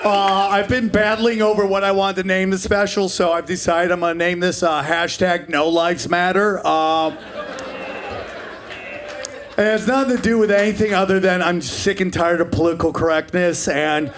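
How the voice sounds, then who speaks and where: A man in his forties doing a stand-up comedy set on a club stage, brash and profane, jumping into characters in quick bursts. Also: sits high, fairly even intonation, crowd noise. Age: 40s. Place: comedy club stage before a live audience.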